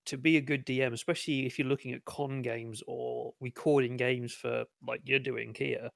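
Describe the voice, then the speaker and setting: A man talks tabletop gaming on a casual podcast, emphatic and full of advice, with a wry, dry humor. His voice is creaky and gravelly. The sound is close and dry, with no room to it. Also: mid-range voice, steady tone, moderate pace, dry recording. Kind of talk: casual podcast chat about tabletop games.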